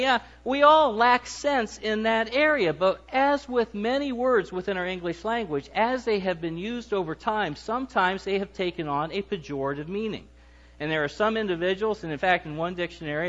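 High-voiced joking male preacher. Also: fairly bright tone, lo-fi sound. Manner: joking, self-deprecating, conversational. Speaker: lay preacher. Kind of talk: humorous sermon.

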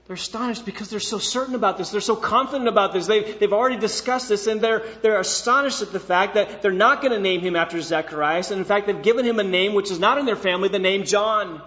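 A man preaching a sermon, reading scripture and explaining it, moving between hushed, slow passages and loud, emphatic ones. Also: on the high side, lo-fi sound. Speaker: pastor.

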